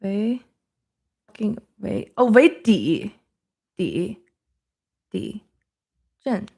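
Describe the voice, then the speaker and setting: A woman's voice: medium pitch, sing-song, extremely slow, gravelly, dark tone, husky. Laughing, cursing woman streamer. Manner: swears often, laughs easily, thinks aloud. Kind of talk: casual chat while studying.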